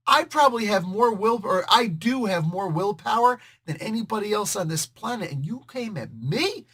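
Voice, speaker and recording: A man's voice: high voice, expressive, moderate pace, a bit bright, slightly rough, voice pushed up, full character voice. A man voicing a cocky, tough male superhero who talks with streetwise swagger.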